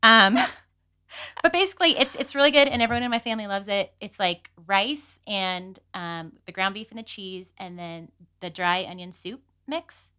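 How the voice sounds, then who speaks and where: A woman's voice: mid-range voice, moderate pace, sharp tone, clean tone. A woman co-hosting a podcast, chatting playfully and teasing, with many "like" fillers. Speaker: podcast co-host. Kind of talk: casual chat.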